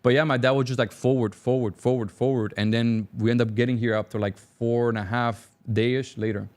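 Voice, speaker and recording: A young man from Cuba telling his life story as a talk-show guest, animated and acting out dialogue. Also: mid-range voice. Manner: fast, animated, acts out dialogue. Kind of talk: casual storytelling.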